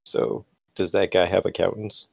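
A man's voice: deep voice, big pitch swings, normal speed, gravelly, a bit bright, slight background noise. A man playing in a tabletop game session, joking and offhand. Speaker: player.

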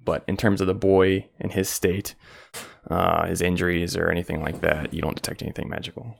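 A man's voice: low voice, little pitch movement, a little fast, vocal fry. A man narrating as game master at home, rambling with lots of fillers.

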